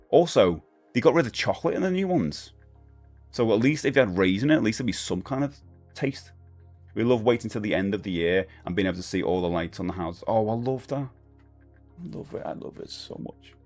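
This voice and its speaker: A middle-aged man with a lowish voice chats casually on a live stream from a home setup. He rambles and reads out comments from chat to answer them. Faint music plays in the background. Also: darkish tone. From United Kingdom.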